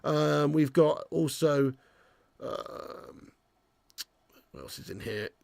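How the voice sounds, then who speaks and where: A man hosting a live football watch-along, sweary and ranting, bantering with viewers in the chat and shouting at chances on goal. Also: a little high, slow, gravelly, no echo. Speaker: fan channel host.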